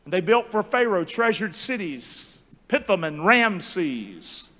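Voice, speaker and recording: A male pastor preaching a sermon with animated call-and-response and joking asides in a large church. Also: sits high, takes it slowly, hardly any pauses. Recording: long church hall reverb.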